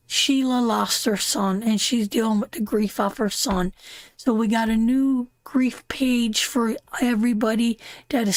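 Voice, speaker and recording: A woman's voice: on the high side, no echo. A middle-aged woman from Canada giving a live tarot reading, emotional and heartfelt, repeating phrases for emphasis. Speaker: tarot reader hosting a live stream.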